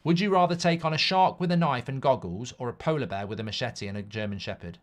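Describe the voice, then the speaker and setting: A man at an ordinary middle pitch hosts a live football watchalong. He reads out viewer comments in casual chat, wanders off into silly hypotheticals and swears freely as he gets animated. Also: fast talker.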